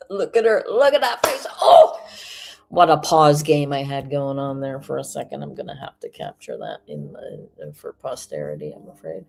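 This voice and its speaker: A woman's voice: rumbling low, big pitch swings, a little slow, vocal fry, a little mellow, a little hiss or hum. A woman hosting a stream, giving mocking, sarcastic commentary on a video clip. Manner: sarcastic, mocking, laughs often. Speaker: host reacting to a video.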